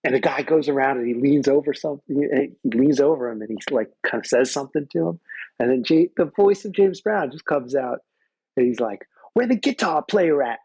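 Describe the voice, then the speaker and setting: A man's voice: medium pitch, fairly quick, a little mellow, husky, no room sound, rough recording. A man and guest musician telling loose, profane anecdotes in casual conversation on a close microphone. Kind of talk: casual storytelling.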